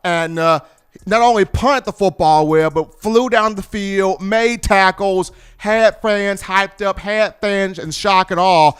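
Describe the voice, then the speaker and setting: Casting: male commentator, high-pitched, smooth, clear voice, lively storyteller. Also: slow pace. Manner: animated storyteller, colloquial. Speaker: sports commentator. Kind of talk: casual sports commentary.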